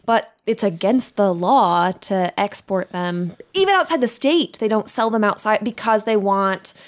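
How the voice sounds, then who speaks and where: A woman's voice: medium pitch, a little slow. Chatty woman podcast co-host. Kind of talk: casual podcast chat.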